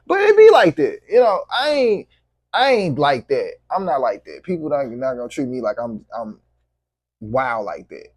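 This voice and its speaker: A man's voice: mid-range voice, very animated, moderate pace, no echo, studio quality. A man vlogging to camera, venting in a heated, profane, repetitive way.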